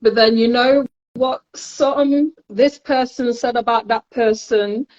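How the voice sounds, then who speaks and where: The lo-fi clip features a podcast co-host from Nottingham, England, telling stories in casual chat with a Nottingham accent and frequent laughter. Her voice is fairly high, steady, slow, and a little mellow.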